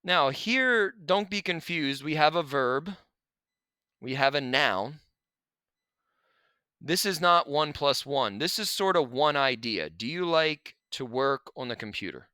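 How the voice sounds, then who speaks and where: Bright, crisp-voiced male teacher. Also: on the high side, takes it slowly, no echo. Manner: relaxed, chatty explaining with asides. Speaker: Spanish teacher. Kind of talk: recorded lesson over slides.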